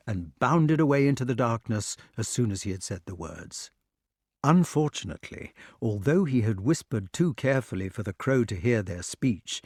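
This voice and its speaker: A man reading a fantasy novel aloud as an audiobook narrator, with expressive storytelling. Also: medium pitch, no echo, clean studio sound. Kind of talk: scripted narration.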